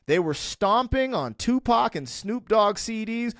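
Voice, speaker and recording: A middle-aged man in candid conversation, his voice sitting a bit high for a man. He rants with emphasis and builds to fervent peaks. The sound is dry and close on the mic. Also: animated, unhurried, fairly bright tone, no room sound. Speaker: podcast guest.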